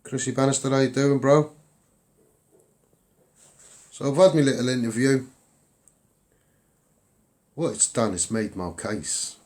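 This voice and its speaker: A man's voice: mid-range voice, measured pace, pauses often, a little mellow. Scouse man, chatty livestream campaigner, rambles and repeats himself, lots of ums. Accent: Liverpool (Scouse). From England. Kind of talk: casual livestream chat.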